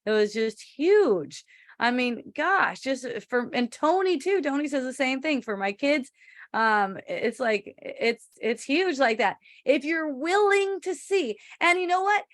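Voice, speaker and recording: A woman's voice: high voice, fairly bright tone, no room sound, clean studio sound. A woman spiritual teacher answering a listener in a rambling, chatty way, swearing casually and laughing often.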